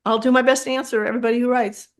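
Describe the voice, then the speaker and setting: Animated older woman telling stories. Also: fairly high pitch, rapid-fire. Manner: animated, acts out quotes of clients. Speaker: guest expert, co-parenting mediator. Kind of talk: casual interview storytelling.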